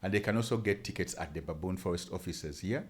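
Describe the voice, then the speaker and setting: A man's voice: sits low, fast. A man with a Ugandan accent, a guest musician and comedian telling stories in casual chat, slipping local phrases in. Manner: animated storyteller, mixes in local phrases.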